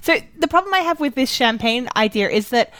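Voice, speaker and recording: A woman's voice: sits high, expressive, a little fast, a bit bright, no room sound. A woman leading a casual book club discussion, talking loosely with many fillers and restarts. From Australia.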